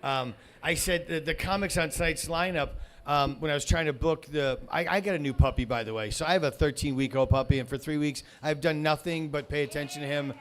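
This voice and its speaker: A man hosting a comedy show, swearing and shouting in a rant, then rambling with fillers and restarts. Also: on the high side, brisk, few pauses. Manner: profane, shouting rants at a heckler.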